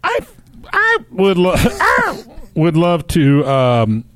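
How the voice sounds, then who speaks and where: A man's voice: sits high, huge pitch swings, slow pace, a bit bright, no echo, studio quality. A man co-hosting a radio show, trading wry, grumbling, sarcastic remarks with his partner. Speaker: radio co-host. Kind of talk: joking radio banter.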